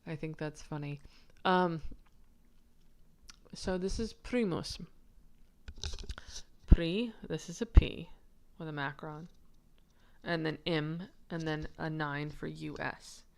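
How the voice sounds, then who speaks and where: A woman's voice: sits low, fairly even intonation, slow pace, vocal fry, long pauses. A woman giving a casual, chatty lesson on a manuscript, giggly and rambling, who stops to answer viewer comments. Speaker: manuscript researcher presenting her findings.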